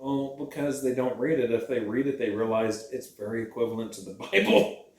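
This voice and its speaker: A man's voice: medium pitch, fairly quick, darkish tone, reverberant, recorded from a distance. A man chatting casually with his girlfriend, rambling and swearing, breaking into mocking impressions. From Scottish heritage. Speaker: channel host. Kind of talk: casual chat.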